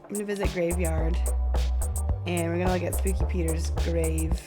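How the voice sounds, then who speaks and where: Woman streamer, casual and giggly commentary, loud game music under her. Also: lowish voice, flat delivery, moderate pace. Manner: giggly and self-mocking.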